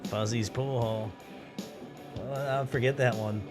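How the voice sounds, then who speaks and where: A man's voice: medium pitch, fairly even intonation, measured pace, over music. An older man co-hosting a casual podcast, a dry joker who delivers puns and old prank stories. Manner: dry pun-telling joker. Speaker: podcast co-host. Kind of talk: casual banter.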